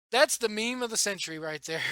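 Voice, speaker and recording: A young man rambling excitedly about wrestling news in a casual vlog, tired late at night and laughing often. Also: high voice, clean tone, no echo. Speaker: wrestling vlogger. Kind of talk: casual solo commentary.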